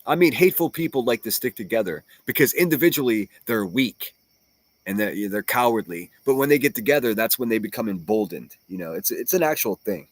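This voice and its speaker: A man talks on his livestream in a loose, profane, combative rant. He reads comments and mocks his critics. His voice sits at an ordinary pitch, and the recording is dry and close. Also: animated, brisk, no echo. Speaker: livestream host reading chat.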